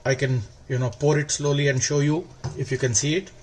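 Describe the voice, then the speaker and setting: Man with a higher voice demonstrating a recipe. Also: fairly quick, a little hiss or hum. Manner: calm, step-by-step instructional; stretches words for emphasis. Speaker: cooking channel host. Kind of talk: cooking demonstration.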